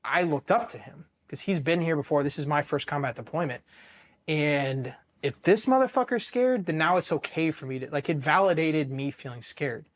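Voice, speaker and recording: Man from Ohio telling a raw war story. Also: fairly high pitch. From Ohio, USA. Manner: raw, profane, halting with many restarts; emotionally charged, dropping quiet at painful moments. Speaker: Marine veteran telling his war story. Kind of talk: personal interview storytelling.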